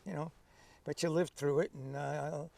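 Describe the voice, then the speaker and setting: A man in his seventies telling stories from his past in an interview, lively and acting out remembered dialogue. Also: a little high, normal speed, gravelly, far from the mic. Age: 70s. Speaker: interview guest, veteran. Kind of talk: conversational storytelling.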